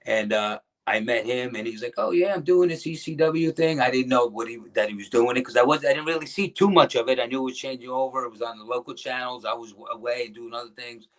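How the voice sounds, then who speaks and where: A middle-aged man tells old stories in a relaxed interview. He rambles and restarts his sentences, slipping into the voices of people he quotes. His pitch sits in an ordinary male middle range. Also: fast talker, hardly any pauses. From New Jersey. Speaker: guest, former pro wrestler. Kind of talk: casual interview storytelling.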